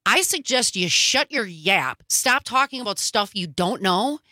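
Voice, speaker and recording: A woman's voice: mid-range voice, expressive, unhurried, pushed and bright, no echo, clean studio sound. A woman co-host giving emphatic, indignant political commentary.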